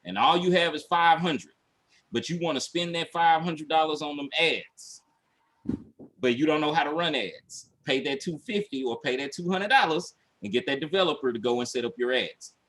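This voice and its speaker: A man with a fairly high voice talks casually to his viewers. He speaks emphatically and repeats himself, and he acts out his own panic with shouts and laughter. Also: moderate pace. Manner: repetitive, emphatic. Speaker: online business coach. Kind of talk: casual livestream talk.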